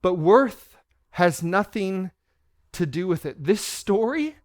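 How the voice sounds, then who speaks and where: Guy pastor preaching a sermon, kinda high smooth voice, earnest storyteller, close dry sound. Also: animated, dry recording. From Canada. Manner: earnest storytelling, drops softer and slower for quoted tender words. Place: church.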